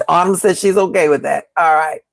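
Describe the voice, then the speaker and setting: A woman's voice: sits low, moderate pace, vocal fry, no room sound. A woman from Chicago hosting a live-stream tarot reading. She talks emphatically and repeats herself, calls her viewers "baby" and "y'all," and reads from the chat. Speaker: tarot reader and astrology host.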